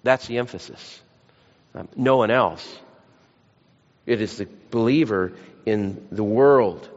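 A man's voice: fairly low pitch, slow. A man preaching a sermon, mixing scripture with folksy, self-deprecating stories. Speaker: pastor. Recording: lo-fi church hall recording.

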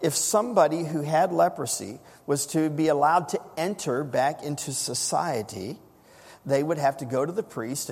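A man preaching a sermon, building to dramatic shouts when he quotes scripture. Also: fairly high pitch, slightly rough. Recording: long reverb of a church hall.

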